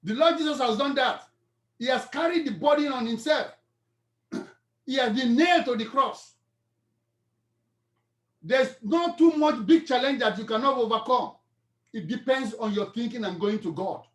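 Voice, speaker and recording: High-voiced Nigerian pastor in an echoey hall. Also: male voice, moderate pace, pauses often. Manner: storytelling, then preaching with rising fervor. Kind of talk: sermon. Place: church hall.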